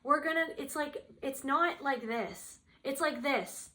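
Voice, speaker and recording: A woman's voice: high-pitched, measured pace, pushed and bright. A young woman giving a casual spiritual tarot reading, talking earnestly in a rambling way with many fillers. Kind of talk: casual channeled reading to camera.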